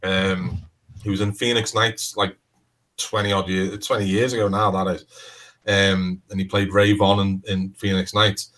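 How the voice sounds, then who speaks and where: A man from Liverpool, a crime author with a Scouse accent, gives a casual interview in a low voice, delivering flatly and a little slowly with a fairly bright tone. He tends to ramble, restart sentences and say "you know" often. The recording is rough.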